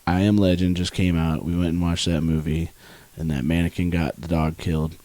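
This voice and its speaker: A young man with a somewhat low voice tells a story in a relaxed, casual way. He swears freely and laughs easily. The sound is dry and close. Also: brisk, no room sound. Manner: laid-back, swears freely, laughs often. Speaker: podcast co-host.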